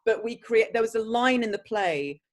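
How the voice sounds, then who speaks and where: A woman, an actress answering interview questions with lively, laughing anecdotes. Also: fairly high pitch, normal speed. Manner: animated storyteller, breaks into laughter. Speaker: actress guest.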